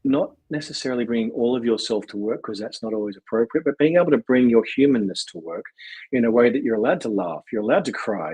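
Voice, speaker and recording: A man's voice: medium pitch, slightly rough, low-quality recording. A man guesting on a podcast, talking reflectively and rambling with restarts. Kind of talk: casual conversation.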